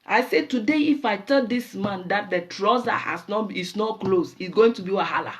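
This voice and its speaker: A woman with a Nigerian accent hosting a show, telling animated stories in a casual monologue and slipping into pidgin. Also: mid-range voice, normal speed. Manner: animated storyteller mixing in pidgin. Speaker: show host.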